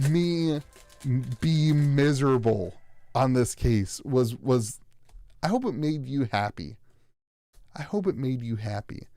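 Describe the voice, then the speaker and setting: A man's voice: mid-range voice, lively intonation, unhurried, darkish tone, faint music behind. An American man streaming live as he opens card packs, rambling with sarcastic, self-mocking banter.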